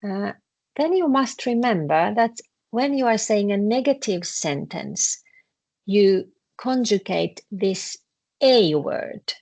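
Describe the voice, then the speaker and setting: Slow, gravelly-voiced woman teacher. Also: mid-range voice, lively intonation, a little mellow. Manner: slow, patient explanations with many repeats and fillers. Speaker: Finnish language teacher. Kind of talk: explaining a lesson to students.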